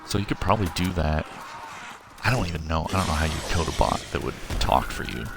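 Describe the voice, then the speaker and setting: A man's voice: extremely low pitch, lively intonation, quick pace, creaky. A man in his thirties from Missouri, streaming a video game at home at night and chatting loosely with his viewers, rambling and correcting himself as he goes. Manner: rambling, chatty, answers chat messages aloud, self-correcting. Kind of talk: casual live-stream chat while gaming. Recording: game music and gunfire under voice.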